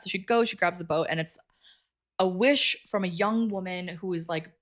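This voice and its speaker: Woman on a book podcast retelling the plot, chatty and casual, does little voices for the characters. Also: on the low side. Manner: chatty recap, acting out characters' lines in quick voices. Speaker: book club podcast co-host.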